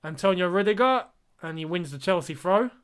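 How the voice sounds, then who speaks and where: A man's voice: sits high, lively intonation, a little fast, a bit bright, clear, resonant tone. A young man hosting a live football watchalong, reacting with exasperation and disbelief and talking straight to his viewers. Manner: exasperated, incredulous, talks to viewers as lads. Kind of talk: live match reaction and commentary.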